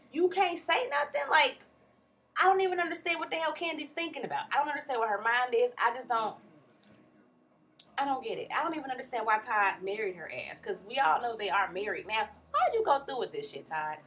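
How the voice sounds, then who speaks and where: A young woman talks in with a bright, forceful voice pitched a little high. Her delivery is animated and exasperated, and it jumps around a lot as she recaps a reality show in blunt, slangy, casual commentary. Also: a little hiss or hum.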